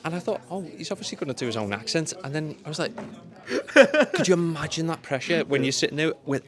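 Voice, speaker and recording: A man's voice: on the high side, fairly quick, crowd noise. A young man, an actor, talking enthusiastically in a press event interview. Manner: enthusiastic, animated storytelling.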